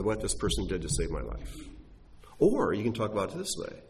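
Speaking a little fast in a lowish voice, a preacher teaches from scripture during a sermon. His animated delivery rises and falls with emphasis, driven by forceful rhetorical questions.

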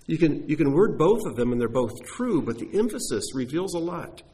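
A man's voice: on the high side, brisk. A man preaching a sermon, teaching from scripture with emphatic rhetorical questions. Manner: animated, rising and falling with emphasis, rhetorical questions.

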